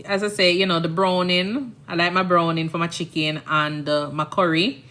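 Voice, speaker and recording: A woman's voice: lowish voice, little pitch movement, moderate pace, a bit bright. A woman in her thirties with a Jamaican accent, a nurse chatting casually on a live stream, rambling and often asking "you understand?".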